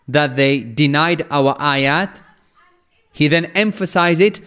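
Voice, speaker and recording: A man giving an explanatory religious lecture, speaking in a measured way, repeating phrases for emphasis and reciting verses in Arabic. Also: a little high, a bit bright, clear, resonant tone. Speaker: Quran lecturer.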